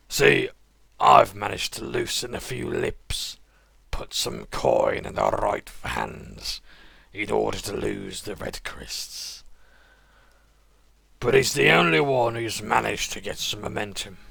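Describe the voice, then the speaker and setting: A man voicing a menacing male crime boss who calls himself a king, with a Dudley accent and slow, swaggering threats. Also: fairly low pitch, gravelly, a bit bright, breathy edge, heavily acted.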